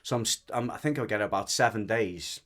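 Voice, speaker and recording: A man with a Merseyside accent tells a story in a loose, conversational way. His voice sits a little low, and he wanders, restarts his sentences and swears freely as he talks. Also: brisk, a bit bright. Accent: Merseyside English. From the Wirral, England. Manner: rambling, frank, restarts often, swears. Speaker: dog trainer and podcast guest. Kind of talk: casual storytelling chat.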